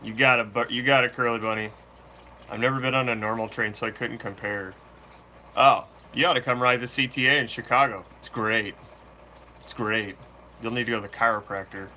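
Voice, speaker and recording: A man hosting a fishkeeping channel, chatting casually and answering viewer questions live in a relaxed, slangy way. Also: medium pitch, fast talker, slight background noise. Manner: laid-back, slangy, chatty. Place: room full of fish tanks.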